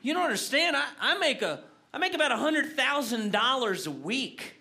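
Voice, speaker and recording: A pastor doing a calm, unbothered castaway. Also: male voice, extremely high pitch, normal speed, gravelly, voice pushed up, full character voice. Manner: relaxed, matter-of-fact. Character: calm, smug stranded man, unbothered.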